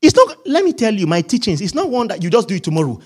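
A male pastor delivering a humorous, animated sermon to his congregation. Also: sits high, quick pace, breathy edge.

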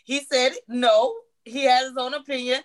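A woman with a fairly high voice takes part in a casual debate. She steadily explains and defends her point at length. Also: steady tone, moderate pace.

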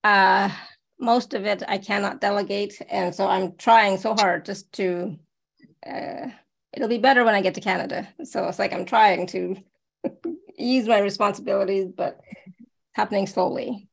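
A woman hosting a live online talk in a gravelly, creaky voice. She is chatty, laughs easily and often restarts her sentences. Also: medium pitch, steady tone, unhurried. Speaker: host. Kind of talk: casual live online chat.

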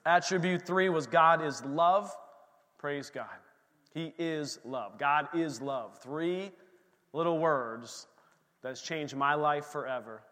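A man's voice: fairly high pitch, takes it slowly, fairly bright tone, long reverb tail. A middle-aged man, a pastor, preaching a sermon and telling a story, acting out his own reactions.

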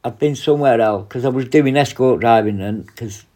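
A man's voice: mid-range voice, a little fast, mellow. A man, a prison officer, casually telling blunt, profanity-laced stories and acting out his own retorts. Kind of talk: casual anecdote storytelling.

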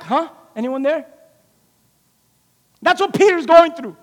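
A man's voice: extremely high pitch, unhurried. A middle-aged man pastor preaching a sermon, calling out to the congregation and acting out dialogue between characters. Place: church sanctuary. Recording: long hall reverb.

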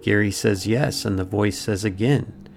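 A man's voice: lowish voice, moderate pace, gravelly, soft background music. A man narrating a true mystery story as podcast host, dramatic and scripted. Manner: dramatic retelling with acted-out quotes.

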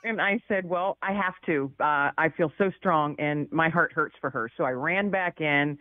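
A woman's voice: sits low, moderate pace. Chatty woman over a tinny phone line. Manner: chatty, laughs often, many fillers. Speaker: author guest. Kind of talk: casual storytelling.

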